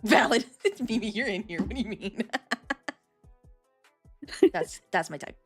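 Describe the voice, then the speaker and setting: A woman in her thirties chatting casually on a livestream, telling stories with lots of swearing and quick restarts. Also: medium pitch, lively intonation, soft background music. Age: 30s. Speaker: streamer.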